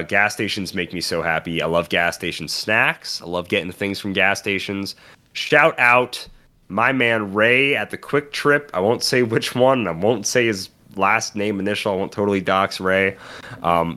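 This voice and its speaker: A man's voice: sits low, normal speed, sharp tone. A young man co-hosting a board game podcast, telling stories in an enthusiastic, casual way. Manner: enthusiastic storytelling. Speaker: podcast co-host. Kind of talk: casual chat.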